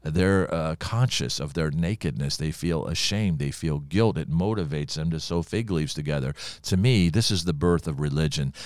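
Very deep-voiced older male preacher. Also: a little mellow, clean tone, no echo, clean studio sound. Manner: folksy, storytelling preacher with personal anecdotes. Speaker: pastor. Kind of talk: conversational Bible-teaching podcast.

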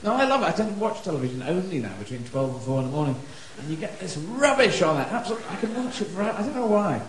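A man's voice: high-pitched, very animated, racing. A man guesting on a casual podcast, rambling with enthusiasm. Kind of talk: casual chat. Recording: roomy audio with crowd noise.

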